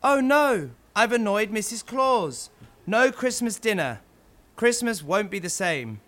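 Guy playing a fretful old santa, high and swoopy, slow worried talk. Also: big pitch swings, fairly bright tone, exaggerated voice. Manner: fretful, pleading. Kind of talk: storybook character voice.

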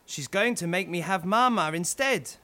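Male reader as Santa: anxious, pleading, high lively voice. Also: moderate pace. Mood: worried. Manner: fretful, pleading. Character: worried jolly old Santa Claus. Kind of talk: storybook character voice.

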